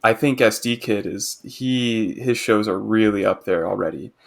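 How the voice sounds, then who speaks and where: A man, co-hosting a podcast and excitedly presenting a music artist in casual chat. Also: on the low side, moderate pace, gravelly. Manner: enthusiastic, rambling with restarts.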